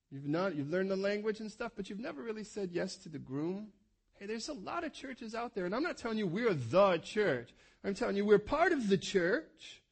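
A pastor delivers a sermon with a fairly high male voice. He preaches with passion, rising to loud urgent appeals and sinking to a soft, hushed prayer. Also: gravelly.

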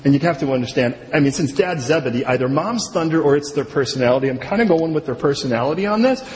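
A middle-aged man preaching a sermon, telling the story with humor and acting out the people he quotes. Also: on the high side. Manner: animated, jokey storytelling with quick voiced asides. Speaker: pastor. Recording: long hall reverb, faint room noise.

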